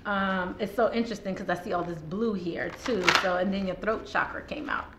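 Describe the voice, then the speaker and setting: A woman's voice: mid-range voice, brisk, fairly bright tone. A woman doing a casual tarot reading to camera with a sore throat, chatting straight to her viewers and laughing often. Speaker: tarot card reader. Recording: roomy echo, faint background noise.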